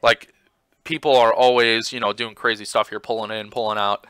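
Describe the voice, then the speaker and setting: A man casually commenting on his own motorcycle footage, rambling with lots of fillers and getting excited as he retells it. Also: lowish voice, moderate pace, clean tone, no room sound. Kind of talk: casual commentary over video.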